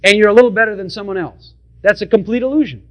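A man with a high voice preaches a sermon, emphatic and direct with his congregation, driving his points home through repetition. He speaks fast, with a slightly bright tone.

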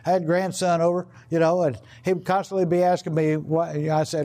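A man's voice: fairly high pitch, fairly even intonation, moderate pace, few pauses, a little mellow. An older man preaching a sermon in a rambling, conversational way, full of "you know" and restarts. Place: outdoor gathering.

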